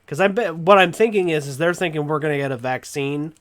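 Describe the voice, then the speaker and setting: Animated host with a Southern drawl. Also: male voice, fairly high pitch. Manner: animated, rambling, quick to laugh. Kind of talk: casual chat.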